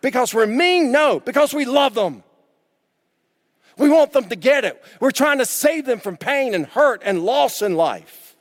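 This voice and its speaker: A man preaching a sermon as pastor, emphatic and repetitive, dropping suddenly to quiet. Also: very high-pitched, lively intonation, moderate pace, big-room sound.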